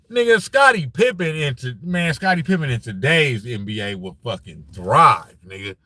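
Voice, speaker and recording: Here a man runs a casual live-streamed basketball talk show, going through the chat and arguing his case with animated profanity and lots of "you know what I'm saying." His voice is mid-range, his pace moderate, and there's no echo.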